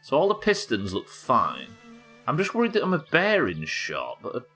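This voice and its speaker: A man's voice: medium pitch, wildly swooping pitch, moderate pace, bright, forceful tone, husky, faint music behind. A man from England, streaming a game live and thinking aloud as he chats with viewers. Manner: muttering to himself, thinking aloud. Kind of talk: live gameplay commentary.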